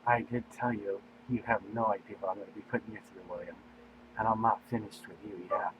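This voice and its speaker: A man's voice: lowish voice, steady tone, brisk, noisy background, natural voice. Man voicing a commanding young queen. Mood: teasing.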